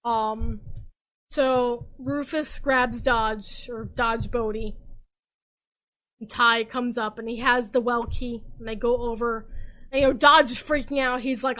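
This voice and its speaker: A young woman podcast host, drunk, rambling excitably and swearing as she recaps a story in casual chat. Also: fairly high pitch, unhurried.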